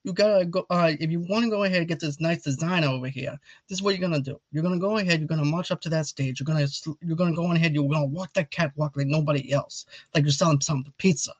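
A brash, bossy Italian mobster type, as a man puts him on, ordering someone around with a swagger. The voice sits a touch high, and the sound is dry and dull. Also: fast, hardly any pauses, no room sound, close to an everyday voice.

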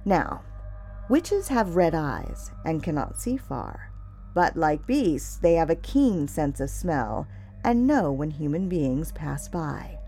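A woman narrating a fairy tale in a measured, expressive storytelling voice. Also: low voice, soft background music.

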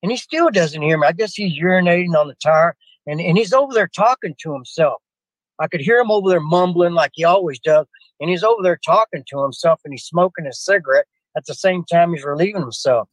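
Rambling older man telling a story, high-pitched. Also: animated, fairly quick, no echo, low-quality recording. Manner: digressive, restarts often, addresses the host by name. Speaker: guest telling a personal story. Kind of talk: rambling spoken anecdote.

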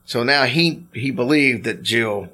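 A man casually telling ghost stories to his co-host on a podcast, animated and teasing. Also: mid-range voice, unhurried. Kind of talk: casual storytelling chat.

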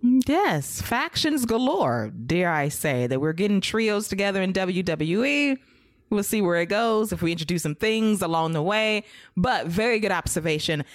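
A woman co-hosting a podcast, giving a casual wrestling recap and acting out promos with lively energy. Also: mid-range voice, moderate pace, no room sound, studio quality. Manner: animated, acts out wrestler promos. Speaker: podcast co-host.

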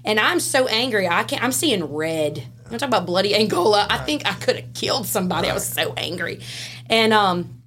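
A woman with a Louisiana Southern accent, a podcast guest telling a story in casual, animated fashion, laughing and swinging between loud and hushed. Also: medium pitch, brisk. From Southern United States. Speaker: podcast guest, former prison classification officer.

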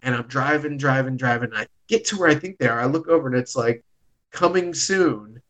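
A man's voice: mid-range voice, fast talker, a bit bright, poor audio. A man, hosting a podcast and casually telling a long, rambling story with plenty of swearing. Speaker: podcast host.

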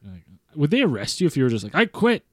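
A man's voice: medium pitch, sing-song, racing, dry recording, clean studio sound. A man reacting with profane jokes in a casual chat.

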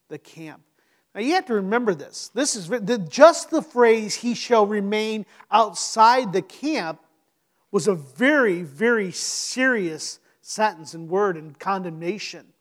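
A man with a notably high voice delivers a sermon. He speaks earnestly and emphatically, slowing down and pausing to let points land. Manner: earnest, slow emphatic delivery with dramatic pauses. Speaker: preacher.

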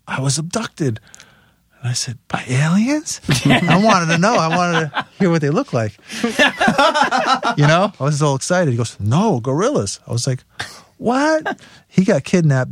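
A guest musician with a medium-pitched, slightly mellow voice tells wild road stories in casual chat, recorded with studio quality and no room sound. He swears freely and laughs as he goes.

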